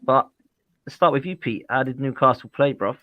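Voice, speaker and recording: A man's voice: medium pitch, normal speed, no room sound, phone-quality sound. A man hosting a football podcast, laid-back and teasing in casual banter. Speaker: podcast host.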